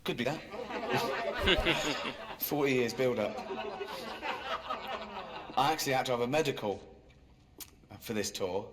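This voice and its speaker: A man doing stand-up in a dry, self-mocking way that jumps into high, exasperated squeals. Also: fairly bright tone. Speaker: stand-up comedian. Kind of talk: stand-up routine. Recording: live comedy club with crowd laughter. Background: audience laughing.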